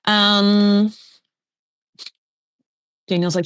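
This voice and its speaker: A woman's voice: mid-range voice, level tone, slow, no room sound. A woman hosting a podcast, recapping a reality show in a chatty, gossipy way with lots of "like". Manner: chatty, gossipy, heavy use of "like". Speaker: podcast host. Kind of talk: casual pop culture recap.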